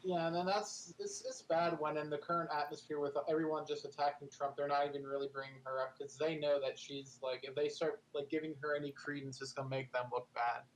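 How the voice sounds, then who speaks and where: A man's voice: a little high, little pitch movement, fairly quick, hardly any pauses, slight background noise, poor audio. A man in casual political chat on a podcast, rambling and sarcastic, full of restarts and filler words.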